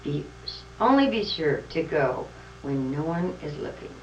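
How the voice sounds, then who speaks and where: Kindly old Santa Claus in a read-aloud storybook, as a woman reads his lines. The voice sits a little low and speaks with gentle warmth. It sounds distant and roomy, on dull home tape. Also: big pitch swings, a little slow, a little hiss or hum.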